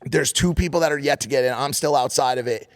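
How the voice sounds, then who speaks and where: A man co-hosting a podcast, telling a story in casual chat, animated and profane. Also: medium pitch, fast. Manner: animated, profane, acts out quotes loudly. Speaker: podcast co-host.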